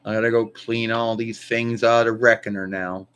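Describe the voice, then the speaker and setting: Man, live stream host, rambling casual talk, mid-pitched voice, salty language. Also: level tone, moderate pace, a bit bright, smooth, low-quality recording. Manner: meandering, loose, swears casually. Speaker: livestream host.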